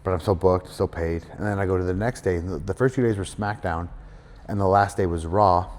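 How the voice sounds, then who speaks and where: Brief: middle-aged male guest, low voice, quick talker, reverberant room. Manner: animated storyteller, acts out quoted voices, many fillers. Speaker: guest wrestler. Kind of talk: casual storytelling interview. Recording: hall reverb.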